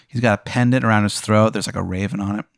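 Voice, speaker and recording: A man's voice: lowish voice, steady tone, fast talker, vocal fry, dry recording, studio quality. A man hosting a comedy podcast, narrating an improvised scene with lots of fillers. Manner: rambling, lots of "like". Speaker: podcast host running an improvised scenario. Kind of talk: improv storytelling.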